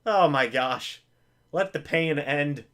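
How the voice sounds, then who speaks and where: A man with a high-leaning voice hosts a live game reaction stream, taking it slowly as he calls the plays himself. He's excitable, pleading with the players and poking fun at himself as his team loses.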